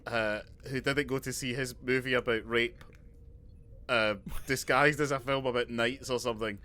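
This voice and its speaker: Bright-voiced man with deadpan podcast jokes. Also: medium pitch, normal speed. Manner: deadpan absurd jokes delivered matter-of-factly. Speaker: podcast co-host. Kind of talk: casual comedy podcast banter.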